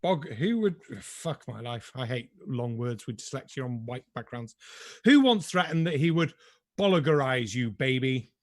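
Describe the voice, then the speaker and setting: A man's voice: mid-range voice, expressive, moderate pace, dry recording, studio quality. A man hosting a pub quiz over a video call, chatting casually with sarcastic asides and the odd swear word.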